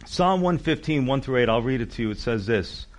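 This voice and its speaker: A male pastor preaching a sermon with emphatic, animated delivery and conversational asides. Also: mid-range voice, brisk.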